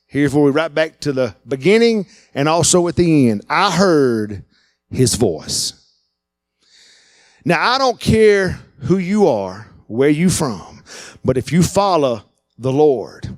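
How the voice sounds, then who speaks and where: Animated high-voiced preacher. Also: male voice, dry recording. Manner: animated, acts out quoted voices. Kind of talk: sermon. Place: church.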